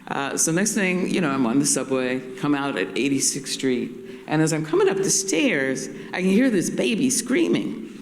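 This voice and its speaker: An older woman on a panel, telling an anecdote in an animated way, laughing and acting out the voices she quotes. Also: deep voice, moderate pace, slight background noise. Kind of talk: anecdotal storytelling. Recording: roomy hall with long reverb.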